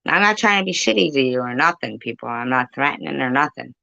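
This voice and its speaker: A woman's voice: extremely low pitch, animated, fast talker, creaky, sharp tone, no echo, muffled recording. A woman ranting profanely and confrontationally on a phone livestream, rambling and chatting with her viewers. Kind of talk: livestream rant.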